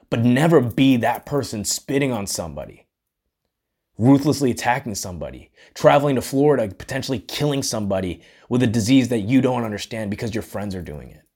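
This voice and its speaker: A man's voice: fairly low pitch, a little mellow, slightly rough. A man hosting a podcast, giving an earnest, reflective solo talk and often checking in with "right?". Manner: earnest, musing, often tags lines with "right?". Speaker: podcast host.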